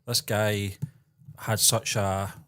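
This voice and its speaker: A man co-hosting a podcast, reading news in a measured way and chatting with hesitant pauses. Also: fairly low pitch, level tone, fairly bright tone, clean tone. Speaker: co-host. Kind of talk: news reading and casual chat.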